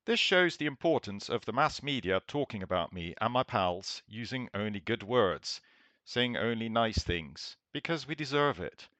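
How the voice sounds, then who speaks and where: A man's voice: fairly low pitch, very animated, normal speed, bright, forceful tone, no echo. A man doing a satirical impression of a boastful, blustering president who praises himself over and over in simple words. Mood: smug, boastful. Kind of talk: satirical letter read in character. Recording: dull lo-fi dry recording.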